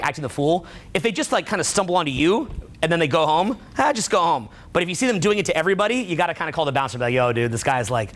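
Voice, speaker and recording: A man's voice: a little high, a bit bright. A man giving a casual talk to a live audience, rambling and peppering his speech with "like" and "right?". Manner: rambling, heavy use of "like" and "right?". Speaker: seminar speaker.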